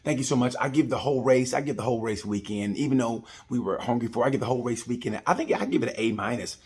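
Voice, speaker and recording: A man's voice: medium pitch, very fast, darkish tone. Chatty man rambling through a race review. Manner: chatty, jokey, loose with nicknames. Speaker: vlog host reviewing a race. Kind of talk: casual rambling review to camera.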